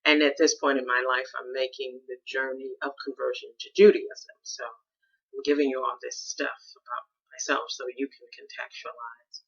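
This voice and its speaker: Bright-voiced woman reflecting aloud. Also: a bass voice, flat delivery, moderate pace, slightly rough, muffled recording. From Chicago, USA. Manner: thoughtful, searching, with restarts and stressed key words. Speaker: podcast host. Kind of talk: reflective personal monologue.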